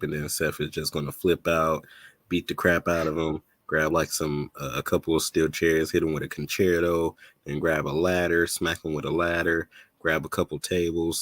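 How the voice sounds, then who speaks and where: Low-voiced man, laid-back podcast chat. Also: no echo. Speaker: podcast co-host. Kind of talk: casual wrestling chat.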